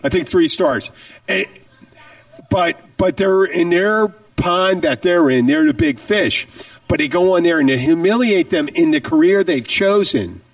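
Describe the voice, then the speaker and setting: Animated man in casual chat. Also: sits high, measured pace, no room sound, recorded from a distance. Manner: animated, emphatic, repeats words.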